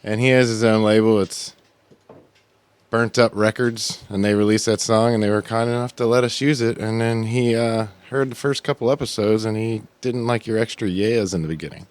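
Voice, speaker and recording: A man's voice: on the low side, steady tone, smooth, no room sound. A man hosting a casual podcast, joking around with his friends. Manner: joking, drawn-out announcer-style intro. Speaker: podcast host. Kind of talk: casual chat.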